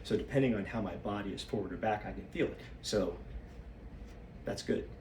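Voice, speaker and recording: In an echoey room, far from the mic and with a touch of hiss or hum, a solo practice vlogger in his fifties talks briskly in a lowish, darkish voice. He's slightly out of breath from shaking his body, rambling and losing his train of thought as he thinks aloud.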